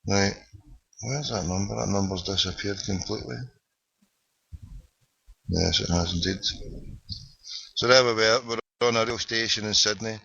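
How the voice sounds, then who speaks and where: Brief: Glasgow host, sharp bright tone, dull lo-fi webcast sound, joking and rambling. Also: male voice, on the low side, moderate pace, creaky, long pauses, husky, no room sound. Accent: Glasgow Scottish. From Scotland. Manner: boisterous, rambling wisecracking patter. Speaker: host of an internet show. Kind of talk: jokey call-in banter. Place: parked car.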